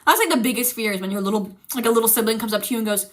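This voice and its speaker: A young woman streamer telling a frightening story in casual chat, animated and swearing, teary-eyed as she talks. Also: a little high, very fast. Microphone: streaming mic.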